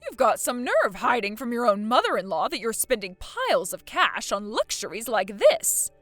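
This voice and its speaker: A woman's voice: a little high, huge pitch swings, moderate pace, fairly bright tone, dry recording, faint music behind. Woman voicing a haughty scolding mother-in-law. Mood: accusing. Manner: haughty, accusing, self-pitying. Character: scheming pompous mother-in-law, middle-aged woman. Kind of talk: voiced text-story drama.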